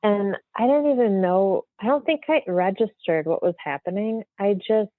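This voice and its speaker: A woman's voice: medium pitch, normal speed, no room sound. A woman guest telling a story in a casual interview, rambling and chatty with lots of fillers, heard over a remote call. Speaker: guest medium. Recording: dry, thin phone-like audio.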